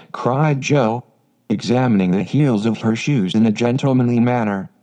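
A man's voice: mid-range voice, moderate pace, dark tone. A synthetic male voice narrating an audiobook, sometimes spelling words out letter by letter. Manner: spells out words letter by letter, reads symbols aloud.

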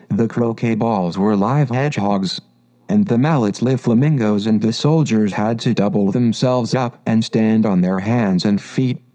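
Man, audiobook narrator, measured storybook reading, slow pace, warm dark tone. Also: medium pitch.

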